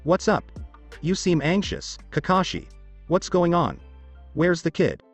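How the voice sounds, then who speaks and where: A man voicing a blunt, gruff small male pug ninja dog in a raised voice. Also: fairly high pitch, sing-song, a little slow, faint music behind, pitched above the performer's own voice, exaggerated voice. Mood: curious.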